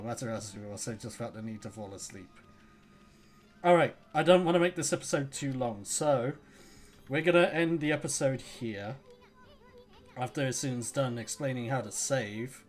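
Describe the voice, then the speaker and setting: A woman's voice: very deep voice, moderate pace, long pauses, darkish tone, faint music behind. A woman casually commenting on a game as she plays, chatty and jokey and reacting aloud to what happens on screen. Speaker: let's play gamer.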